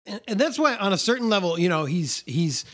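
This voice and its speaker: A man's voice: high-pitched, very animated, a little fast. A man co-hosting a podcast, talking casually and animatedly about films, often restarting and repeating words. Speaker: podcast co-host. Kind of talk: casual film discussion.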